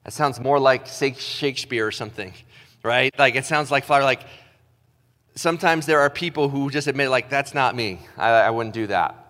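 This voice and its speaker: A man delivering a sermon from a church stage, chatty and self-deprecating, slowing down to read verses with weight. His voice sits at an ordinary middle pitch, and a long hall reverb trails every phrase. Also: fairly bright tone. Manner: casual, self-deprecating, talks with his hands in filler words. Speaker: pastor.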